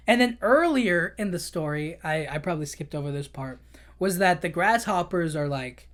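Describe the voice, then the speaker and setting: Male podcast host, casual talky recap, stumbles and restarts, throws in quick character voices. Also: high-pitched, fairly bright tone. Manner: rambling, loose retelling with many restarts and fillers; acts out characters' lines in quick bursts.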